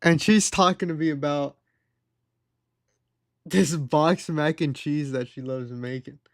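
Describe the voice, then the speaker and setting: A man's voice: a little high, steady tone, slow, no room sound, clean studio sound. A young man streaming live, casually telling a story in a sarcastic, exasperated, slangy way. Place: home streaming setup.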